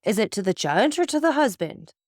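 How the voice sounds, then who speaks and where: A woman's voice: mid-range voice, animated, measured pace, dry recording, studio quality, lightly acted. A woman voicing a terrified, cornered wife who stammers and pleads.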